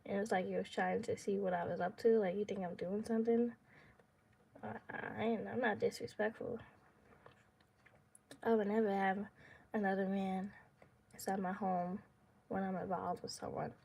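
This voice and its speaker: A woman's voice: medium pitch, moderate pace, gravelly, long pauses, a little mellow, husky. A young woman vlogger telling a personal story in casual, slangy speech, dramatic and full of laughs.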